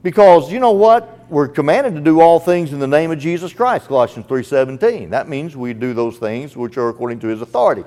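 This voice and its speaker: A man's voice: a little high, animated, fairly quick, few pauses, dark tone. A man preaching a sermon, earnest and emphatic, speaking straight to the listener as a friend.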